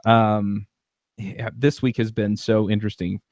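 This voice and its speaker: A podcast host chats casually, rambling with lots of fillers and restarts. His voice sits on the low side and sounds slightly mellow, with a flat, unhurried delivery and no room sound.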